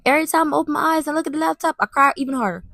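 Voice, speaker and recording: A young woman vlogger telling a personal story in an animated way, often stuttering and restarting. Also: sits high, very fast, gravelly, dry recording, studio quality. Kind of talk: storytime vlog.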